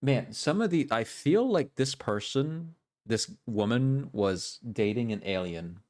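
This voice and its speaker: A man's voice: mid-range voice, animated, slow pace, a little mellow. A man in casual reaction chat on a stream, mocking and laughing often.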